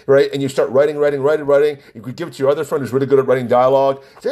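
A man talking casually to the camera, animated as he acts out both sides of an argument. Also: mid-range voice, very fast, hardly any pauses. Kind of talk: casual monologue.

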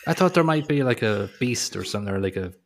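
A man's voice: medium pitch, animated, fast. A man co-hosting a podcast, chatting casually and wryly about a movie. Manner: chatty, wry, swears casually. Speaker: podcast co-host. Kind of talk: casual movie review chat.

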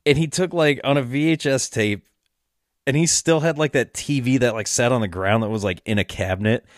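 A man's voice: mid-range voice, fairly quick, no room sound, studio quality. Rambling, laughing young man telling a story. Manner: rambling, swearing, laughing often, many fillers. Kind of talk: casual storytelling.

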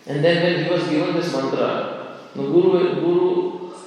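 A man's voice: fairly high pitch, steady tone, measured pace, darkish tone. Man lecturing in a very echoey hall. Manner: earnest, reflective storytelling. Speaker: scripture class speaker. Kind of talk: devotional scripture lecture. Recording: echoey hall, distant mic.

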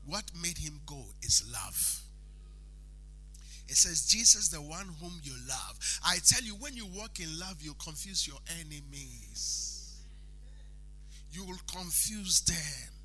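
A male preacher giving a sermon, chanting lines in sing-song and shouting at the peaks, acting out the people he quotes. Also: fairly high pitch, very animated, a little slow. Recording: faint music behind the voice.

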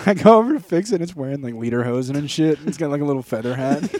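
A man's voice: fairly high pitch, quick pace, hardly any pauses, a little mellow, no room sound. A young man co-hosting a comedy podcast in casual chat, joking crudely and laughing often. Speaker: podcast co-host.

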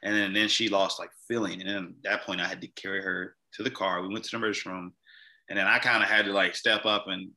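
A man's voice: sits low, flat delivery, fast, bright, forceful tone, rough recording. A young man, a podcast guest, telling a personal story in a casual, rambling, earnest way, with a lot of "like". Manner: rambling, heavy use of "like", earnest.

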